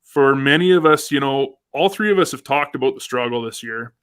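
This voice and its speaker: A man's voice: mid-range voice, lively intonation, a little fast, fairly bright tone, smooth. A man hosting a casual live fishing show, upbeat and chatty, reading out viewer comments. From Canada. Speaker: host.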